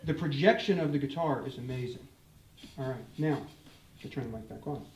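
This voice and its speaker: Older man, animated joking guitar demo. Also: mid-range voice, brisk, a little hiss or hum. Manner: animated, joking, addresses crowd directly. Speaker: guitar clinician. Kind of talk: live demo talk to an audience. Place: store event room with audience. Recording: roomy, distant mic.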